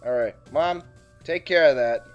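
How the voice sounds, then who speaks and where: A let's play host comments casually on his game, joking and erupting in bursts of frustration. His mid-range voice is unhurried but excitable, and the recording is muffled with faint background music.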